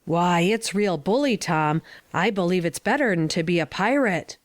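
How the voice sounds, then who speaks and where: A woman's voice: fairly low pitch, lively intonation, normal speed, natural voice. A woman voicing a wary, superstitious ragged boy in a drama, with a hesitant, drawling way of talking. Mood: wondering.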